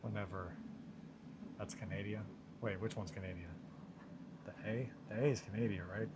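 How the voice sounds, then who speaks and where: Man, casual rambling streamer, self-deprecating, low voice, background hum audible. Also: fairly even intonation, normal speed. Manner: chatty, rambling, swears, self-mocking. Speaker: streamer chatting with viewers. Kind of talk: casual chat. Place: home studio.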